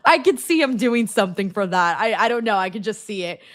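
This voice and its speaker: A young woman hosting a live wrestling watch stream, reading viewer messages aloud and reacting with loud, animated exclamations. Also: mid-range voice, a little fast, no room sound, studio quality. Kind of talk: casual live-stream chat reading super chats.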